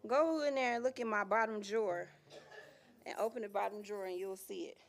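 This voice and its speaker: A woman's voice: medium pitch, fairly quick, lightly acted. A woman voicing her elderly grandmother, who speaks in a matter-of-fact, knowing way. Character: knowing old grandmother giving a gift. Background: guitar playing.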